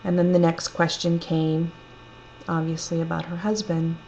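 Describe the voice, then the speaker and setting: A woman telling a personal story in a gentle, reflective, unhurried way. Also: lowish voice, monotone, vocal fry. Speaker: storyteller sharing a personal testimony. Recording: dull lo-fi recording with faint hum.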